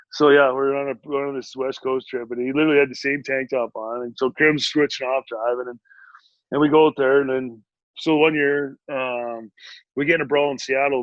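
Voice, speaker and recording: A man in his forties rambles through his stories with easy laughs, talking from home over a remote mic. His voice sits at a middling pitch. The audio is dull and lo-fi, close and dry. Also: no echo. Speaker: guest, former pro hockey player. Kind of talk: casual storytelling. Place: home, family nearby.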